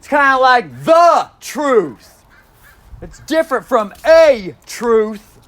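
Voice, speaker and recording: Male, very high voice with a wide swing; slow, profane, emphatic solo monologue full of repeated phrases. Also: sing-song, a bit bright, no room sound. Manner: stresses single words, plays with inflection.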